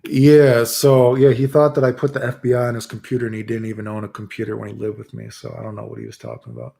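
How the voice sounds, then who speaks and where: A man's voice: mid-range voice, little pitch movement, fast talker, creaky, dark tone. A man streaming and telling stories in casual chat, rambling loosely and saying "dude" all the time. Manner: rambling, says "dude" constantly; loose, laid-back delivery with restarts.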